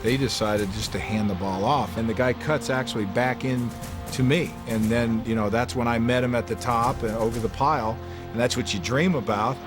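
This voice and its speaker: An older man, a former player, recounting his memories in an interview with animated, halting delivery and many fillers. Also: mid-range voice, over music. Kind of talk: interview storytelling.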